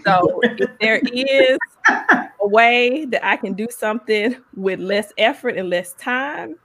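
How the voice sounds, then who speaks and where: A woman's voice: on the high side, animated, slow, a bit bright, rough recording. A woman guest on a podcast who chats casually and pokes fun at herself.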